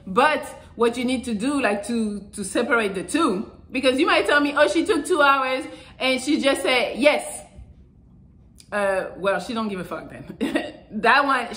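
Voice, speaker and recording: A woman's voice: fairly high pitch, a bit bright. Blunt, foul-mouthed woman giving dating advice. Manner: blunt and profane, acts out quoted voices. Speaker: relationship advice vlogger. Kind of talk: casual advice monologue.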